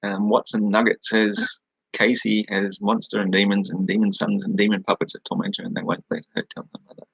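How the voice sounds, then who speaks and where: A man's voice: lowish voice, level tone, brisk, creaky, a bit bright, breathy edge, no room sound, rough recording. An Australian man from New South Wales hosting a casual live chat over a webcam, rambling, swearing freely and laughing at his own remarks. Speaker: live-stream host.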